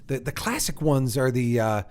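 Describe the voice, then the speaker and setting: A man's voice: mid-range voice, very animated, moderate pace, darkish tone. A man co-hosting a podcast, explaining ideas step by step in a casual chat with dry humor. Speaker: podcast co-host. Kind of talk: casual conversational discussion.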